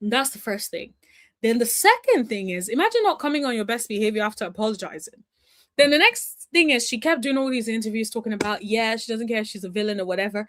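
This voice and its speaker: A woman's voice: fairly high pitch, expressive, quick pace, fairly bright tone. A woman giving casual commentary as a reality TV recap vlogger, chatty, emphatic and opinionated, calling her viewers y'all and honey.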